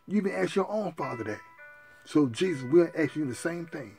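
A man's voice: a little high, fairly quick, creaky, darkish tone, faint music behind. A male preacher, praying fervently and calling out to his sisters and brothers in a sermon. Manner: fervent preaching, repetitive cries to Jesus; addresses listeners as sisters and brothers. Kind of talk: sermon and spoken prayer.

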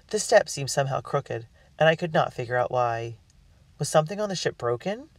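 A man narrating a storybook in the first person with an earnest, expressive delivery. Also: mid-range voice, fairly quick, no echo. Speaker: audiobook reader. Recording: dry, distant mic.

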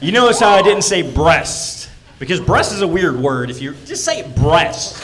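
A man's voice: fairly high pitch, very animated, a bit bright, echoey room, slight background noise, poor audio. A man doing a brash stand-up set on a comedy club stage, telling stories and acting out other people. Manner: brash, storytelling, quick to act out other people.

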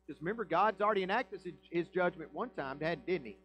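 Man, pastor, high-pitched, emphatic sermon, rhetorical questions. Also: expressive, quick pace, dull audio. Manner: emphatic preaching with rhetorical questions and swings in loudness. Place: church sanctuary.

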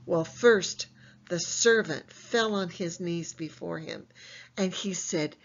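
A woman teaching a Bible lesson to young children in an animated way, asking them questions and answering them herself. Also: on the low side, slow, creaky, lo-fi sound.

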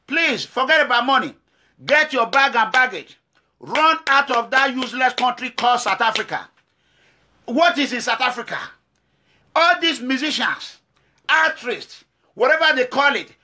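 A man's voice: extremely high pitch, pushed and bright. A middle-aged man from Nigeria with a Nigerian accent, giving an impassioned, emphatic monologue to camera, repeating himself and firing off rhetorical questions. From Nigeria, Edo State. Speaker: activist.

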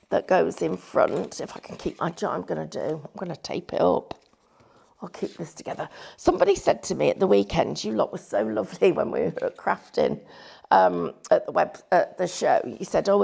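A woman's voice: lowish voice, gravelly, darkish tone, slightly rough. A woman giving a live crafting demonstration, chatty and self-deprecating, thinking aloud as she works.

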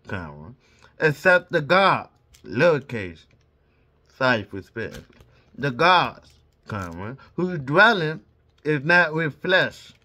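Slow, lively man reading scripture aloud. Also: fairly high pitch. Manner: reads punctuation marks aloud; drops into casual asides between verses. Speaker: Bible reader.

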